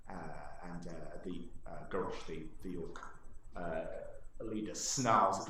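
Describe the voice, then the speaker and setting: A man's voice: low voice, takes it slowly. A man narrating a tabletop game as dungeon master, telling the story with lots of fillers. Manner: animated storytelling, many fillers and restarts. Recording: echoey room.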